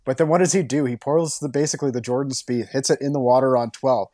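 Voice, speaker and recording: A man co-hosting a sports podcast who talks quickly and keeps his analysis flowing with enthusiasm. His voice sits in a middle range. The recording is dry, with no room echo. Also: medium pitch, fairly even intonation, dark tone. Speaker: podcast co-host. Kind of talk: casual sports chat.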